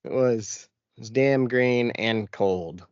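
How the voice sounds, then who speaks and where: A man's voice: mid-range voice, slow pace, clear, resonant tone, no room sound. A man co-hosting a podcast in casual chat, laughing often and chiming in with short reactions. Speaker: podcast co-host. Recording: dry, dull lo-fi sound.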